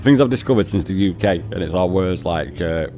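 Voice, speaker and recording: Deep-voiced British man chatting, swearing. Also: lively intonation, a little fast, darkish tone, a little hiss or hum. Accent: British English. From United Kingdom. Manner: chatty, swearing, laughs often. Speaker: game streamer. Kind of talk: casual live-stream chat.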